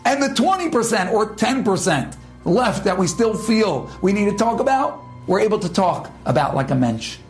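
A man with a fairly high voice gives a short inspirational talk as a religious teacher. He speaks emphatically, pausing often and dropping suddenly to a low tone. Soft music plays faintly behind him. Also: sing-song.

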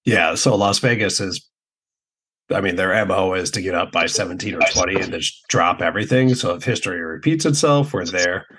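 A man with a very low, husky voice co-hosting a sports betting podcast. He talks laid-back and matter-of-fact, with casual swearing. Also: a little fast, a bit bright. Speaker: podcast co-host.

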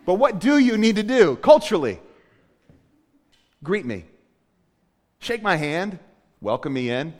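A man with a notably high voice preaches in an animated, conversational way, leaning hard into key points. His words ring out with a long reverb tail, as in a church sanctuary. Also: a little slow, long pauses. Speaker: pastor. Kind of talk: sermon.

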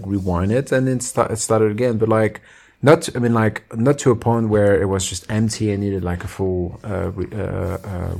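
Man with a French accent, casual chat, lowish voice, hesitant, lots of fillers. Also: gravelly, darkish tone. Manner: storytelling with many fillers and restarts. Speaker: podcast co-host.

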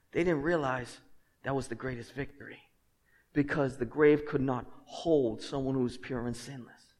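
A man preaching a sermon as pastor. He swings from hushed, earnest passages to loud, emphatic ones and jokes with the congregation. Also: mid-range voice, normal speed. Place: church sanctuary. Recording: long reverb of a large hall.

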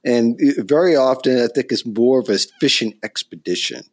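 Guest career expert, man, mid-pitched, stop-start delivery. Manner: halting, many restarts, laughing easily. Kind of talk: casual panel discussion.

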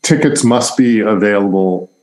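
A middle-aged man from New York hosting an interview, talkative and quick with rambling asides. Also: fairly low pitch, a little mellow, echoey room, low-quality recording. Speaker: interviewer host. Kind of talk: casual interview chat.

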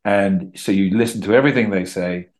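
A middle-aged Englishman talking casually as a podcast guest, telling animated stories and acting out quotes. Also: lowish voice, a little fast. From England. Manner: chatty, animated storytelling with acted-out quotes. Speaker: guest actor.

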